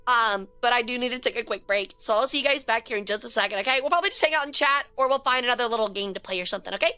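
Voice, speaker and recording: A woman streamer giving casual live game commentary, excitable and quick to swear, chatting with her viewers. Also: fairly high pitch, clean tone. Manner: excitable, swears a lot when frustrated, chats with viewers.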